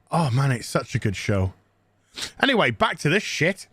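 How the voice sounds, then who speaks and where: A man's voice: medium pitch, sing-song, normal speed, a bit bright, slightly rough, no room sound. A man giving a crude, sarcastic, mocking recap of a TV episode as a show reviewer.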